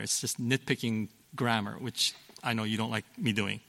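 A man's voice: mid-range voice, fairly even intonation, normal speed, sharp tone. A middle-aged man preaching a sermon as a pastor, explaining things in a conversational way with fillers and self-corrections. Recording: long reverb of a hall.

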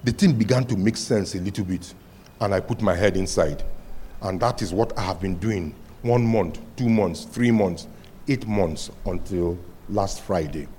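A man preaching a sermon as pastor, telling stories and rising to loud cries. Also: deep voice, normal speed, a little hiss or hum.

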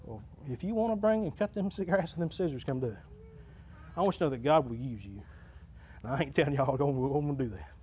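A pastor with a notably high voice delivers a folksy sermon in church. He talks plainly to the congregation, swells into loud preaching runs and then settles back to a quieter, conversational tone. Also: animated, fast talker, a little hiss or hum. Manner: folksy, builds to loud preaching crescendos then drops low. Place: church sanctuary.

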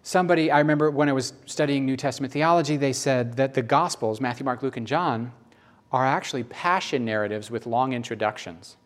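A man preaching a sermon, emphatic and repetitive, swinging between loud bursts and hushed lines. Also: mid-range voice, brisk.

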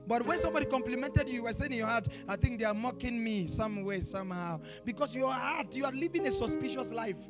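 A male pastor preaching a sermon in church, emphatic and repetitive, with rhetorical questions and bursts of tongues. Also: extremely high pitch. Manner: preaching with rising shouted passages and speaking in tongues. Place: church in Pretoria.

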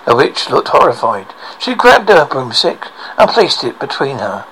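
A man narrating a children's storybook aloud, expressive, with small slips and restarts. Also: medium pitch, measured pace, hardly any pauses, husky, low-quality recording.

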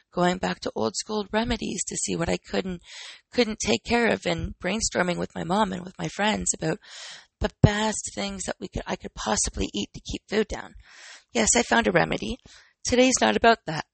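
Woman in her 30s, podcast host and trainer; candid chatty monologue with rhetorical questions, slightly husky. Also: medium pitch, dry recording, rough recording. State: recovering from illness.

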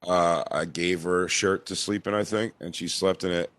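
A man's voice: deep voice, fairly even intonation, normal speed, fairly bright tone, dry recording. A man co-hosting a podcast, crude and teasing in casual comedic chat. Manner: crude, teasing, acts out quoted lines. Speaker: podcast co-host.

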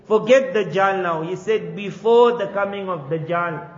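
A man's voice: high voice, measured pace. A man giving an earnest sermon, asking rhetorical questions and acting out quotes. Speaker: preacher. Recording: echoey hall, dull lo-fi sound.

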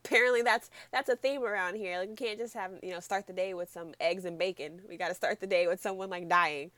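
A woman's voice: lowish voice, fast, fairly bright tone. A woman casually recapping a show with friends, chatty and giggly, using many "like" fillers. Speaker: podcast co-host.

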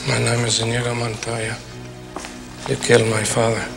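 An actor playing a vengeful swordsman who repeats a formal challenge, rising to shouts, in a film clip. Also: mid-range voice, monotone, moderate pace, gravelly, over music, lightly acted. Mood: grim. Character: vengeful swordsman hunting his father's killer. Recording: film audio with loud score.

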